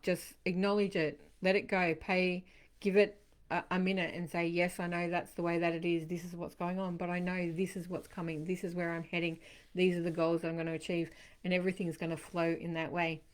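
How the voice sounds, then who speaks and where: A woman hosts a live-streamed tarot reading, speaking to her viewers by name. Her voice sits a little low, and she talks in a chatty, reassuring way as she passes on messages from the cards. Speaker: tarot reader.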